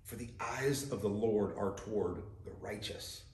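A man's voice: on the low side, a little slow, darkish tone, reverberant. A man preaching a sermon as pastor, talking conversationally and putting direct questions to his listeners.

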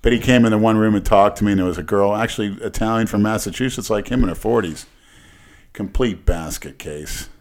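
A man's voice: on the low side, fairly quick, a little mellow. A middle-aged man in casual chat, telling rambling, crude stories and laughing along. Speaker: guest. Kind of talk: casual storytelling.

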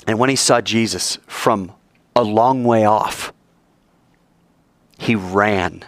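A man preaching a sermon in an animated, joking way, acting out scenes as he goes. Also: lowish voice, slow pace, dry recording.

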